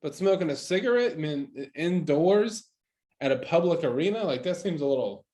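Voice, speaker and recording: A man's voice: on the high side, animated, normal speed, mellow. A man co-hosting a podcast in casual chat, reacting with laid-back, swearing remarks. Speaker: podcast co-host.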